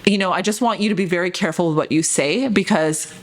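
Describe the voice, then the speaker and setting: A woman voicing a stern, judgmental middle-aged auntie who lectures slowly and accuses. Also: fairly low pitch, voice pushed down, lightly acted. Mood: stern, accusing. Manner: slow, preachy, accusing.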